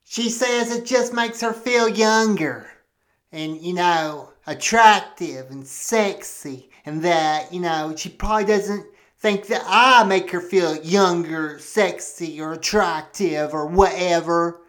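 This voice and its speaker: A jealous, paranoid husband, played by a man, rants with indignation and lets curses fly as he airs his grievances. He talks at an unhurried, dragging pace. Every suspicion comes out sounding like proof. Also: high-pitched, a bit bright. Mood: aggrieved. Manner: cursing, ranting, indignant. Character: jealous, profane, paranoid middle-aged husband. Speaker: podcast pastor host. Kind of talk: comedic monologue performed in character.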